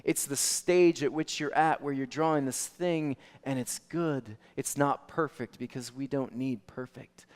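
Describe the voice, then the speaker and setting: A man's voice: mid-range voice, a little slow, hardly any pauses. Man preaching in a reverberant church. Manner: animated storytelling, swings from soft to loud. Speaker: pastor. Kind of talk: sermon. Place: church sanctuary. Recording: long reverb of a church hall.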